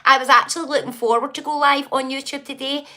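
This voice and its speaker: Speaking quickly in a high, sharp voice with a steady tone, a Scottish host chats casually on her livestream. She reads viewer comments, greets them by name, gossips, and laughs often.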